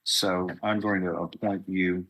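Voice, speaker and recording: Stern deep-voiced Texan judge. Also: male voice, flat delivery, measured pace, fairly bright tone, poor audio. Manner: stern, lecturing. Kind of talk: courtroom hearing. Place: courtroom on a video hearing.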